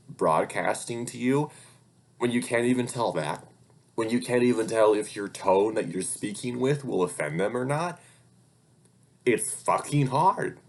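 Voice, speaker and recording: In a casual vlog life update, a young man who is also a hobby voice actor rambles in a fairly low, slightly mellow voice. He swears freely and gets heated when he starts venting.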